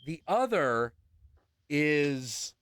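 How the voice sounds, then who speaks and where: Man, host, casual storytelling, profane, lively pitch, unhurried. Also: slight background noise. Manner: animated, profane, acts out voices in his stories. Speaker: podcast host.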